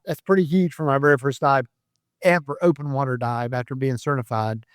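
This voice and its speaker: A man's voice: medium pitch, brisk, dry recording, studio quality. A man in his fifties, a retired sheriff's deputy, telling rambling stories in a casual interview and laughing at himself. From Florida, USA.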